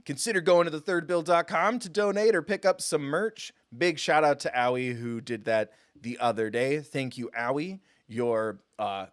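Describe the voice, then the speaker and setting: A man hosting a live game stream, chatting casually with quick jokes and self-mocking asides. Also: medium pitch, fairly bright tone, clean tone, no echo, studio quality. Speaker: gaming streamer host. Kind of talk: casual live let's-play commentary.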